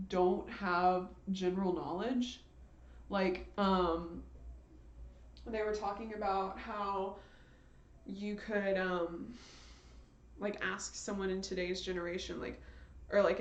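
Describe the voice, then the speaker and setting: A young woman streamer chatting in a playful, rambling way full of slang and laughter, recorded in her bedroom. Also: mid-range voice. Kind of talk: casual rambling livestream chat. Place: bedroom with a large window. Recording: echoey room.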